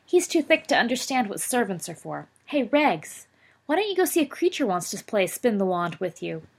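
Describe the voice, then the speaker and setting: A woman's voice: on the high side, big pitch swings, normal speed, gravelly, voice pushed up, full character voice. A woman doing a sneering cocky boy. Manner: mocking, sneering.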